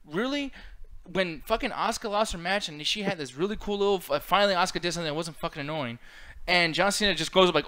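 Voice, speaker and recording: Bright, tense man ranting on a podcast. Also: high voice, very animated, fast. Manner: opinionated, profane ranting. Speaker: podcast co-host. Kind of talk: casual chat.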